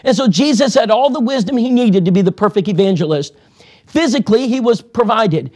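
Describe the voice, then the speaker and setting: Guy with a pretty high voice preaching, earnest and measured, reads lots of scripture. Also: animated, darkish tone. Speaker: preacher teaching evangelism. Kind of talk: sermon-style lesson.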